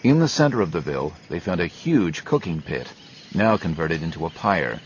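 A man narrating a grim adventure novel in a steady storytelling manner. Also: deep voice, normal speed, muffled recording, slight background noise. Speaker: audiobook narrator. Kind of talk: scripted narration.

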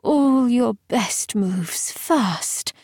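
A woman voicing an ancient undead female lictor in an audiobook, speaking slowly and quietly in a breathy half-whisper with a taunting, menacing manner. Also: fairly high pitch, animated, no echo, studio quality, pitched above the performer's own voice, exaggerated voice. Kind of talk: audiobook character voice.

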